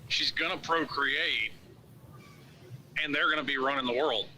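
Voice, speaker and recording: A man's voice: mid-range voice, measured pace, sharp tone, a little hiss or hum, low-quality recording. A man co-hosting a casual live-stream chat, making teasing, wisecracking remarks. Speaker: co-host.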